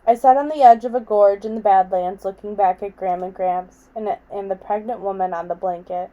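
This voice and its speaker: A woman reading a novel aloud in a quiet, measured way. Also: mid-range voice, steady tone, lo-fi sound. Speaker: audiobook reader.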